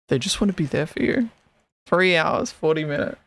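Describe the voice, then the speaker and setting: Laid-back streamer, curses a lot, laughs mid-sentence, creaky mid-pitched voice. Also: a bit bright. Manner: swears often, laughs between sentences. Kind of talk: casual chat while rewatching an old stream.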